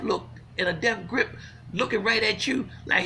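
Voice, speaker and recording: A man telling comic stories in a folksy, animated way, swinging from loud to hushed. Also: high-pitched, moderate pace, slight background noise. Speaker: storyteller. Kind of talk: comic storytelling monologue.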